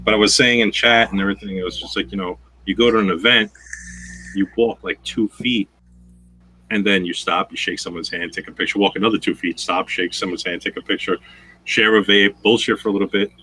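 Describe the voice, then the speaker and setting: A man in casual chat as a guest, telling stories in a profane, animated way. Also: sits low, fairly quick, breathy edge, poor audio. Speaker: guest streamer.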